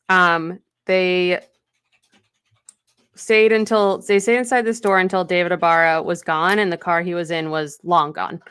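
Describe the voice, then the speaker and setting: A woman's voice: fairly low pitch, fairly even intonation, measured pace, a bit bright, smooth, no room sound. A woman co-hosting a podcast, casually retelling a novel's chapters with lots of fillers. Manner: chatty retelling with many fillers and acted quotes. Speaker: podcast co-host. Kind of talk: casual book recap.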